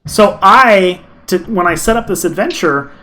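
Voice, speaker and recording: A man's voice: sits high, lively intonation, measured pace, bright, forceful tone, slight background noise. Chatty man running a tabletop game. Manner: chatty, rambling with restarts. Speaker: game master. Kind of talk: casual tabletop game chat.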